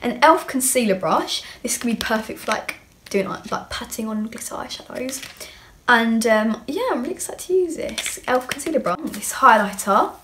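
A woman's voice: a little high, animated, normal speed. A young woman chatting through an unboxing as a beauty vlogger, bubbly and rambling as she gushes. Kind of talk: casual unboxing chat. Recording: clear background noise with clicks.

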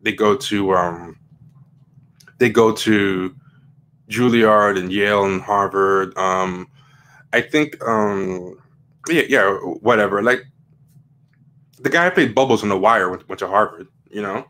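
A man's voice: on the low side, slow pace, pauses often, sharp tone. A man hosting a casual commentary livestream, rambling with many fillers and restarts as he reads quotes aloud from the web. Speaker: livestream host.

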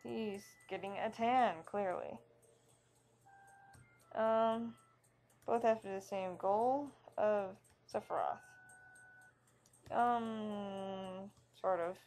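A woman's voice: mid-range voice, fairly even intonation, extremely slow, long pauses, a little mellow, soft background music. A woman giving casual, jokey commentary as she plays through a game, reading its text aloud with wry asides. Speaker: let's play host.

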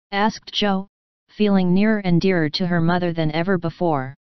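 A woman narrating a classic novel as a calm bedtime storybook reading, on slightly dull lo-fi audio. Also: lowish voice, moderate pace, clean tone, no echo. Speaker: audiobook reader.

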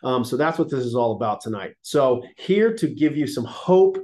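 A man's voice: mid-range voice, lively intonation, normal speed, dark tone. A man in his thirties, a chiropractor giving a casual livestreamed health talk, sounding congested and nasal, folksy and enthusiastic, recorded on laptop and phone mics.

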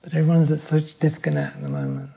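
An older man, a podcast guest speaking thoughtfully in reflective conversation, pausing and restarting his sentences. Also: fairly high pitch, huge pitch swings, vocal fry, warm tone, slightly rough. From England.

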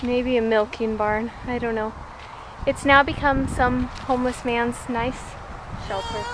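A woman, a mother, chatting excitedly on a family vlog while exploring outdoors near a freeway. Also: on the high side, measured pace, background noise. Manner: chatty, excitable, drops to whispers. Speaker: mother and vlogger. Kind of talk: casual family vlog chat.

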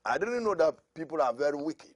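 A man preaching a prophetic sermon as pastor, dropping to a murmur and then rising to loud shouts, with laughs between lines. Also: on the high side, very animated, a little fast, no echo.

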